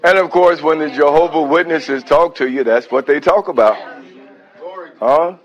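A man's voice: a little high, normal speed, dull audio. A man preaching a sermon, breaking into calls of praise and reading a hymn aloud.

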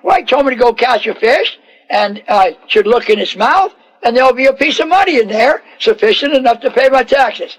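Man doing a plain earnest fisherman, folksy, high voice. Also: expressive, brisk. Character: humble puzzled male fisherman disciple.

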